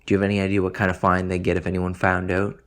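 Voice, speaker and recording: A man's voice: sits low, monotone, close to an everyday voice. A man voicing a sweaty, whiny complainer. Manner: fast, irritable griping.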